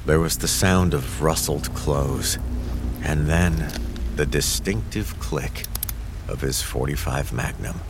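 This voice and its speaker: A man reading a horror story aloud in a steady, measured storytelling manner. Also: very deep voice. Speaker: narrator. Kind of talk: scripted horror narration. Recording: music under the voice.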